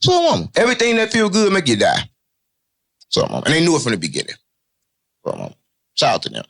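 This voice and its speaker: A man talks fast and loose in an interview. His voice sits fairly high and swings widely in pitch. He jokes, swears and keeps circling back to his catchphrases. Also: creaky. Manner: animated, swearing, jokey, repeats catchphrases. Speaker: interview guest. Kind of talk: unfiltered street talk.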